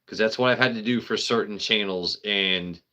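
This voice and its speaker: A man's voice: on the low side, normal speed, pushed and bright. A man hosting a casual live stream, rambling, joking with his chat and swearing freely. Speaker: livestream host.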